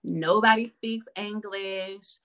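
A woman, a podcast guest, chatting casually and telling lively stories with lots of laughter. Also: mid-range voice, slow pace, a little hiss or hum. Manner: animated, laughing, calls listener "girl". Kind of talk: casual storytelling chat.

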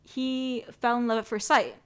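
A young woman talks in a loose, rambling way, with filler words everywhere. Her voice sits slightly high. It sounds like an informal podcast conversation between friends. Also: fairly even intonation, normal speed, a bit bright, clean tone. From Canada. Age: young adult. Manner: rambling, heavy use of fillers and "type of deal". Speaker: podcast guest. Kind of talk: casual chat.

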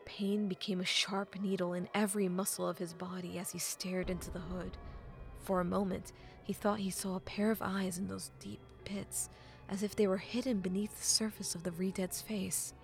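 A woman narrates a novel in an audiobook. Her voice has a gravelly, creaky edge, and her delivery is measured, often sinking to a hushed half-whisper. Faint music plays underneath. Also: mid-range voice, little pitch movement.

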